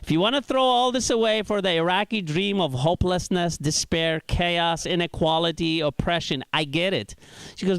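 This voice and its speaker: A middle-aged man from Iraq, performing a stand-up set with deadpan delivery and quick voices for the people he quotes. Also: high-pitched, creaky, dry recording. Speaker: stand-up comedian. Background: audience laughter.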